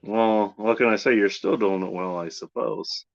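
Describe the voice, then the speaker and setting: A man hosting a casual chat, relaxed, swearing often and repeating himself. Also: on the low side, moderate pace, gravelly, lo-fi sound.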